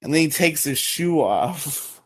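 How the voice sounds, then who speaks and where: A man co-hosting a casual podcast, retelling episodes with filler words and quick high-pitched character impressions. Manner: lively retelling, jumps into exaggerated high voices for characters. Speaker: podcast co-host recapping episodes. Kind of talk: casual recap chat.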